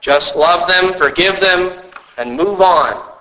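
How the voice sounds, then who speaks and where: A male pastor giving a sermon, earnest and measured, with occasional storytelling asides. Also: sits high, sharp tone, poor audio.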